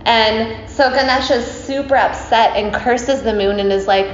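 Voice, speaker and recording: A woman teacher tells a story to a group, chatty and playful, and often turns to her listeners with asides. Her voice sits a bit high. The recording is roomy and slightly dull, with faint background hiss. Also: measured pace, few pauses. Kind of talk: casual spoken storytelling.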